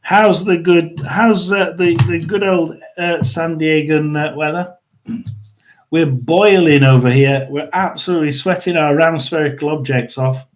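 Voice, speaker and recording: A man hosting a tarot and paranormal live stream, chatting casually, rambling with lots of restarts and throat-clearing. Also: a little high, moderate pace, soft background music. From United Kingdom.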